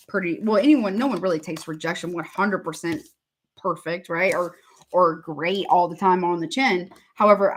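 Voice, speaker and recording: A woman's voice: fairly low pitch, a little hiss or hum. A woman giving a casual live tarot reading, chatty and repetitive, calling her viewers honey. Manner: chatty, repeats herself, calls viewers honey. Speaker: tarot reader.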